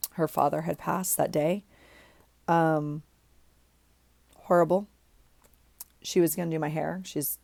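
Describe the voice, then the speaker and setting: In a deep, gravelly, warm voice, a middle-aged woman vlogger chats casually at home about her journal. She rambles along, chatty and full of ums and likes, and the recording has no echo.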